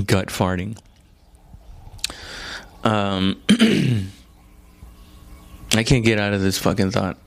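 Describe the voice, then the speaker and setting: A man, an immigrant to the United States, telling a rambling, profane, self-mocking comedy story and acting out quotes in a high voice. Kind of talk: casual storytelling stand-up.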